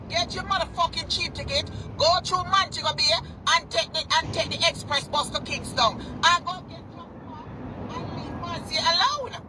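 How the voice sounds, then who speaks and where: A woman's voice: very high-pitched, noisy background. A Jamaican woman in a heated, cursing rant, repeating herself as she talks outdoors. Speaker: vlogger. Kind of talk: angry profane rant.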